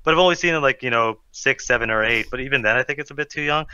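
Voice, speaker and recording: A man's voice: mid-range voice, very fast, sharp tone, smooth, no echo. A man co-hosting a casual podcast chat, rambling and restarting his sentences. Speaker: co-host. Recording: dull dry mic sound.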